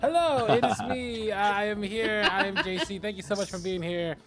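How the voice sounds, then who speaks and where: A man's voice: high voice, normal speed, loud music behind the voice. A man who owns the channel and plays in the game, easygoing as he greets the livestream. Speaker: channel owner and player. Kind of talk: casual livestream banter.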